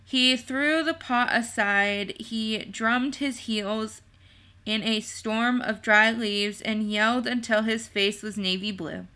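A woman reads a storybook chapter aloud, slow and measured. Her voice sits a little high and sounds bright and clear. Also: fairly even intonation. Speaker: narrator. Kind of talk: storybook reading with character voices.

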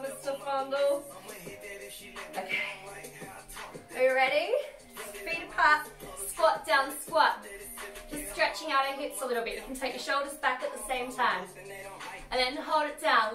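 A cheeky Australian woman with a bright, high voice leads a comedic workout while moving through the exercises, her sassy coaching bouncing along. She sounds a step away from the mic in a roomy space, with workout music thumping behind her. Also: far from the mic. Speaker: fitness instructor. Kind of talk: comedic workout class livestream.

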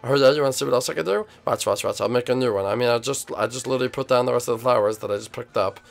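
A man's voice: medium pitch, very fast, gravelly. A young man hosting a game role-play video, chatting casually and rambling with lots of fillers. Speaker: host.

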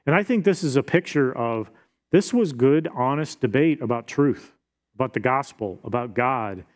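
A man's voice: mid-range voice, expressive, normal speed. A pastor, a middle-aged man, preaching a sermon and reading scripture aloud in an earnest, explanatory way.

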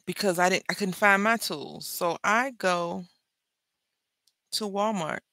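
A woman's voice: mid-range voice, slow, dry recording. A middle-aged woman, chatting and telling stories while she makes jewelry for her craft video. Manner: chatty storyteller, animated and joking. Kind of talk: casual chat while crafting.

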